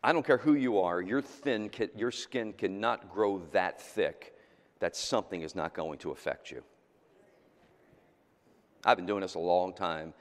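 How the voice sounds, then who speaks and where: A middle-aged male pastor preaching a sermon, swinging between loud exhortation and quiet, intimate asides. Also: sits low, unhurried. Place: church sanctuary. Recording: long hall reverb in a church sanctuary.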